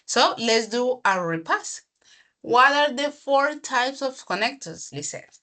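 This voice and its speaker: A woman teaching an English grammar class, explaining slowly, repeating herself and checking in with the student. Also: high voice, expressive, sharp tone.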